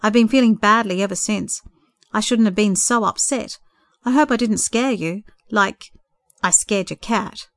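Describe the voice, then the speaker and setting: A woman's voice: medium pitch, a little slow, no room sound, clean studio sound, natural voice. A woman reading the part of a courteous young bachelor who talks in an earnest, slightly nervous way. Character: young adult bachelor man, courteous, sheepish.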